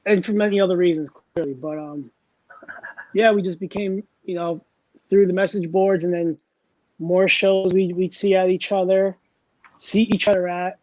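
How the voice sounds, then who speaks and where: A man with a mellow, dark tone tells rambling stories in a casual chat, poking fun at himself and sounding wired on coffee. The sound is dry and a little dull, like lo-fi home audio. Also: high-pitched, steady tone, normal speed, no echo. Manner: rambling, self-deprecating storyteller. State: over-caffeinated. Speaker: host.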